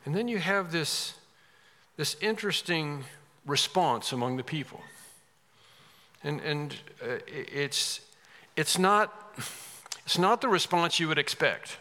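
Man, preacher, sermon, emphatic, bright voice, reverberant church hall. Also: on the high side, animated, slow pace, pauses often. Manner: earnest, emphatic, with restarts and sudden rises.

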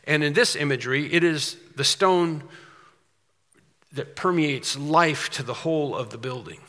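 A male pastor preaching with a bright, forceful voice pitched a little high. He drives his points home with rhetorical questions and repetition. The sound rings with long reverb, as in a church sanctuary. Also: measured pace. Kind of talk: sermon. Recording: long reverb of a large hall.

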